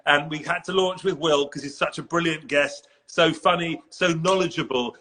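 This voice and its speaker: A man's voice: a little high, normal speed, bright, forceful tone. A man with an English accent hosting a casual live video chat, playful and teasing, laughing often. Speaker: host. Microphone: video call.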